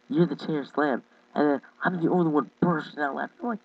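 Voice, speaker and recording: A man telling a childhood story in a casual vlog, rambling, halting and often breaking into laughter. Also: fairly high pitch, breathy edge, no room sound, far from the mic, lo-fi sound. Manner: rambling, giggly, halting with many restarts. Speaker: YouTube storyteller.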